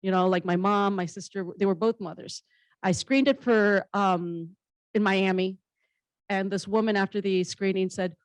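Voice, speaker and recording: A woman's voice: medium pitch, steady tone, normal speed, clear, resonant tone, no room sound, rough recording. A woman comedian and actress on a panel, telling stories in a blunt, humorous, candid way and swearing casually. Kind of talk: candid conversational storytelling.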